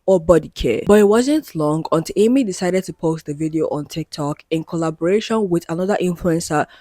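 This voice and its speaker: A man narrating a commentary video in a casual, chatty way, pausing to apologize for his slips. His voice sits high for a man. The sound is dry and close, with no room echo. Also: dark tone. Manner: chatty, self-correcting, apologetic asides. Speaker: commentary channel host.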